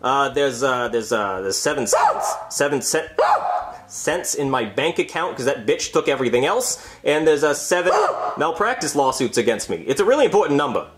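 A man's voice: medium pitch, animated, normal speed, a little hiss or hum, natural voice. A man doing a bumbling, rambling doctor. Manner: rambling, hesitant. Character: sleazy, bumbling middle-aged male doctor.

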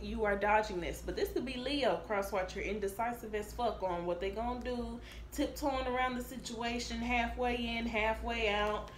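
A woman giving a casual tarot reading, blunt and profane, talking in an animated way. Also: a little high, normal speed, a little hiss or hum. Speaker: tarot reader. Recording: echoey room with faint ambience.

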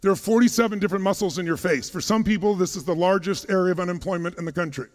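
High-voiced man firing questions from a stage. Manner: punchy, fires rapid questions at the crowd; casual, jokey, a little profane. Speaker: motivational speaker. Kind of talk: energetic stage talk to a live audience. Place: large conference hall. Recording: long hall reverb.

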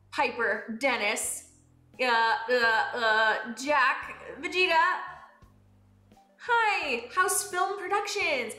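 A young woman streaming a game, bubbly and excitable, swinging between high squeals and low mutters. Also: echoey room. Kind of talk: live-streamed game play.

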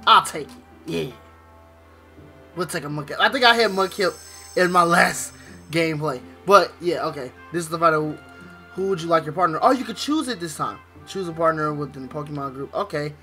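A man's voice: fairly high pitch, a little fast, pushed and bright, soft background music. A man giving casual, slangy, playful commentary while playing a video game. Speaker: gaming YouTuber. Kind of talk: let's play commentary.

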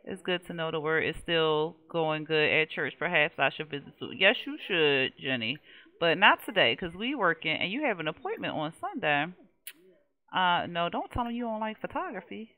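A woman's voice: sits low, very animated, moderate pace, narrow, tinny audio. A young woman, chatting casually and laughing as she plays a life-simulation game and talks to its characters. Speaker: game streamer. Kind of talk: casual Let's Play commentary.

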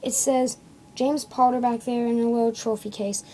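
A woman talks through a toy set in a loose show-and-tell, stopping to correct herself and checking in with "okay?". Her voice sits a little high, with a warm, mellow tone. It is recorded on a phone indoors at home. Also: steady tone, normal speed, slight background noise, poor audio. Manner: rambling, corrects herself often, tags lines with "okay?". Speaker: toy reviewer. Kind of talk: casual show-and-tell review. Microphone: phone camera.

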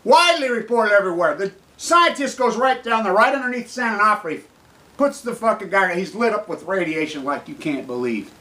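Indignant man, swearing rant delivered in a high, bright, lively voice. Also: normal speed, rough recording. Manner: profane, shouting, fiercely indignant. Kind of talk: angry ranting monologue.

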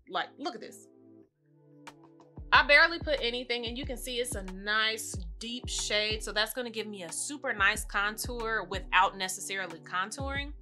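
Bright-voiced chatty woman vlogger. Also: medium pitch. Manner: chatty, talks fast, laughs often. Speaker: beauty vlogger. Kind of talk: casual makeup tutorial.

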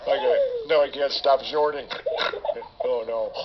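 A man's voice: medium pitch, steady tone, measured pace, lightly acted. A man voicing a giggly male llama who snorts as he chats with a caller on a kids' radio show. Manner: giggling, friendly phone chat. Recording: muffled radio broadcast with noise.

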